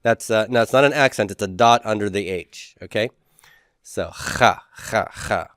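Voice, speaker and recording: Low, smooth-voiced male teacher. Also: moderate pace, a bit bright, dry recording, clean studio sound. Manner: drawing out letter sounds, joking asides. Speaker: Hebrew teacher. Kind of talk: classroom lecture.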